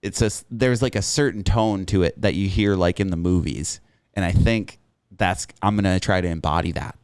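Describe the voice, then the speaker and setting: A man co-hosting a podcast in relaxed, chatty casual conversation. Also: deep voice, normal speed, clear, resonant tone, dry recording. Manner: relaxed, chatty, laughs easily. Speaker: podcast co-host. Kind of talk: casual chat.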